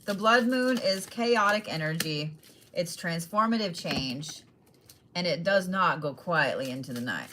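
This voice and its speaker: A woman's voice: fairly low pitch, expressive, measured pace, background noise. A woman giving casual, blunt zodiac readings straight to each sign, swearing freely and laughing often. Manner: direct address to each sign. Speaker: tarot and astrology reader.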